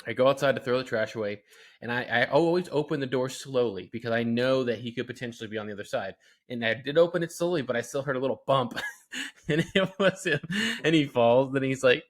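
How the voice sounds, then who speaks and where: A young man chatting on a podcast in an easy, rambling way. He tells stories about home life with plenty of "like" and "you know", jumping up in pitch when he quotes himself. His voice sits at a middle pitch. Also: brisk. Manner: animated storytelling, lots of fillers. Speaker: podcast co-host. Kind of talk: casual chat.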